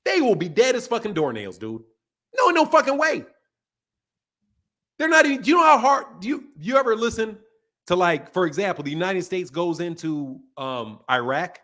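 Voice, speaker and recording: A man's voice: sits high, big pitch swings, moderate pace, pushed and bright. A man hosting a casual podcast, ranting emphatically and swearing a lot. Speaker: boxing channel host. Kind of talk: casual profane podcast rant.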